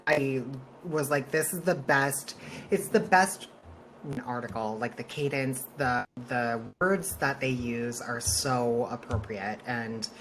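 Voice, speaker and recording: Guy podcast co-host, chatty and animated, laughs a lot, swears casually. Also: medium pitch, slow, slight background noise.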